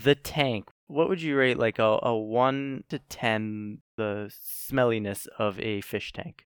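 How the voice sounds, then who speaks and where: A man's voice: lowish voice, slow pace, clean tone, no echo, clean studio sound. A man co-hosting a podcast, chatting casually, laid-back, laughing often and swearing freely. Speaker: podcast co-host. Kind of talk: casual chat.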